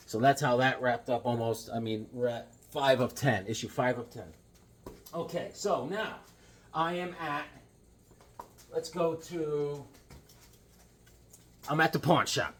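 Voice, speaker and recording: A man talks his way through a pile of comics, circling back with fillers and throwing in puns as he goes. His voice sits in an ordinary middle pitch, easygoing and unhurried. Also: fairly even intonation, a little hiss or hum. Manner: rambling, joking, lots of fillers and puns. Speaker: comic book channel host. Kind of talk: casual chat to camera.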